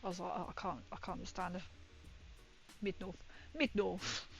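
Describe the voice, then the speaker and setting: A woman's voice: fairly low pitch, monotone, rapid-fire, creaky, soft background music. Woman rambling while she paints minis, swears a bit, chill chatty vibe. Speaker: miniature painter. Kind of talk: casual chat while painting.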